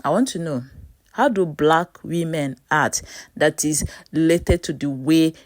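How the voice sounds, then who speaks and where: A woman's voice: deep voice, measured pace, darkish tone, no room sound. Woman firing challenging questions, dry sound. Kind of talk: reaction video commentary.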